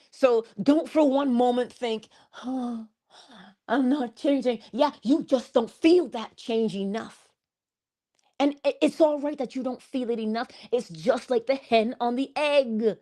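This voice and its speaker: A woman's voice: fairly high pitch, a little slow, dark tone. A woman giving a morning inspirational talk, with preacherly calls and frequent laughter. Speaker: motivational speaker.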